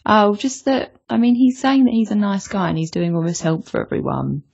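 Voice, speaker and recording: A woman co-hosting a podcast in relaxed casual chat, giving her opinions on a manga chapter. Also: mid-range voice, a little fast, vocal fry, muffled recording. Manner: relaxed, opinionated, with fillers and restarts. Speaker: podcast co-host.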